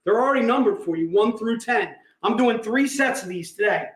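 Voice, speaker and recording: Excitable hype man in an echoey room. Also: sits high, fairly quick. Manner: excitable, hyped, joking. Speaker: host selling collectibles. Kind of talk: livestream sales pitch.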